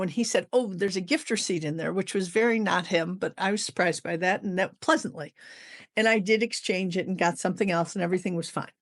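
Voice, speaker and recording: A middle-aged woman cohosting a podcast, telling a personal story in a lively way and acting out what others said. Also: on the low side. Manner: animated storyteller, acts out quotes. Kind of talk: casual storytelling chat.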